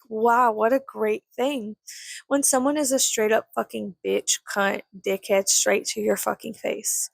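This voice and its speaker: A young woman talks straight into the mic in a close, dry room, her fairly high voice full of gravelly fry. She sounds tired and rants bluntly, swearing freely and laying on the sarcasm, then drops into muttered asides. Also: no echo. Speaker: vlogger. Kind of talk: casual storytime rant.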